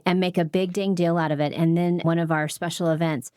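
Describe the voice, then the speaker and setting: A woman's voice: on the low side, fairly even intonation, a little fast, a little mellow, clear, resonant tone, no room sound, studio quality. A woman hosting a podcast interview, chatting with guests in an enthusiastic, talkative way. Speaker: podcast host. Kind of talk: casual interview chat.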